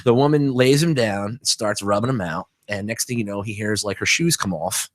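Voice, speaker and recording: A man's voice: lowish voice, moderate pace, no echo. Guy on a podcast telling a goofy anecdote, nervous self-deprecating vibe, dry close sound. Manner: animated anecdote-teller who acts out quoted voices. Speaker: podcast guest. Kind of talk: casual comedic storytelling.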